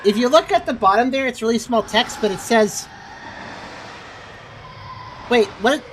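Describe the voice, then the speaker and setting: A woman talks through a video game in a loose, joking way. Her voice sits a little higher than most. She addresses her viewers directly and chats as she plays. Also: unhurried, slight background noise, rough recording. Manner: chatty, joking, wry. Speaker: gaming video host. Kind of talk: casual let's-play commentary.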